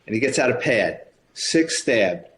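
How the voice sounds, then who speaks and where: A man's voice: medium pitch, a little slow, a little hiss or hum. A man in his fifties, a retired police officer, telling stories as a podcast guest and acting out the voices of the people in them. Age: 50s. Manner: lively storyteller acting out quoted voices, chuckling as he talks. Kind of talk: anecdotal storytelling.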